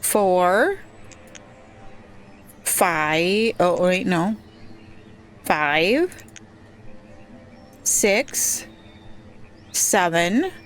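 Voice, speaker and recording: A woman casually commenting as she plays a settlement-building game, thinking aloud slowly with frequent pauses and ums. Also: lowish voice, expressive. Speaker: gameplay streamer. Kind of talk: casual let's-play commentary.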